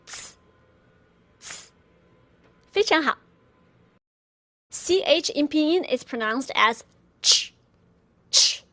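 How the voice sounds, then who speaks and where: A woman teaching pinyin pronunciation, demonstrating each sound slowly and repeating syllables for learners. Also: sits high, sharp tone. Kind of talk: slow instructional pronunciation lesson.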